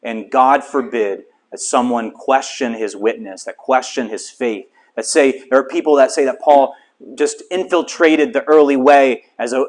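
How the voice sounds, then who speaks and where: A middle-aged man preaching a sermon, telling a story with lively, self-mocking humor to a small congregation. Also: medium pitch. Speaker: pastor.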